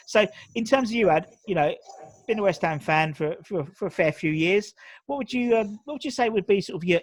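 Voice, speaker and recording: A man in his thirties with a London accent, hosting a casual interview in a chatty, rambling way with lots of fillers. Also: fairly high pitch. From England. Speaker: podcast host.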